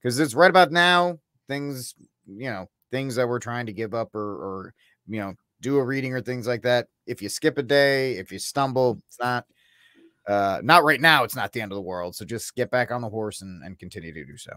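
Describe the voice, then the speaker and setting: A man's voice: medium pitch, moderate pace, sharp tone, dry recording, clean studio sound. A man hosting a casual talk show, jokily cueing the next segments. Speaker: host. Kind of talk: casual chat.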